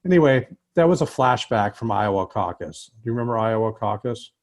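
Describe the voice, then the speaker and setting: A man's voice: lowish voice, lively intonation, brisk, a little hiss or hum. A man hosting a casual political chat, joking and loose, with mild swearing. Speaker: host.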